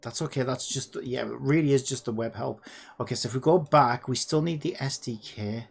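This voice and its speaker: A person hosting a casual coding vlog, thinking aloud in an excitable, rambling way, pleading with the computer and sometimes dropping to a muttered whisper. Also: mid-range voice, fairly quick, vocal fry, husky, faint music behind. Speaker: hobbyist developer and channel host.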